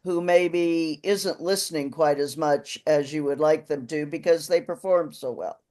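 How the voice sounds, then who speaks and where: Attentive man interviewer, slightly higher voice. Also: unhurried, darkish tone. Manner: attentive, frequent short affirmations. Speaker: coach and interviewer. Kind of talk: conversational interview questions.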